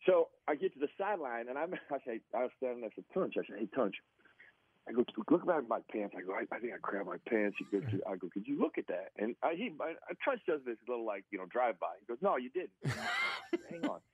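A man, a former football player, telling an animated story as a guest, often laughing as he talks. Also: mid-range voice, fast talker, breathy edge, no room sound, lo-fi sound. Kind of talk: casual storytelling.

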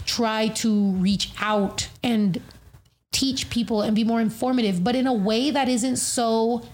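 A young woman hosting a casual podcast, telling stories in a profane, animated way with lots of fillers. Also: a little high, takes it slowly. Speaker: podcast host.

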